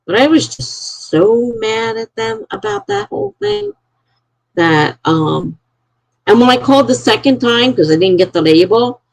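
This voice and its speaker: Gravelly, husky woman chatting. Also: fairly high pitch, measured pace, no echo, rough recording. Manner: rambling, animated storytelling. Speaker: live-stream host. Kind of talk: casual chat with viewers.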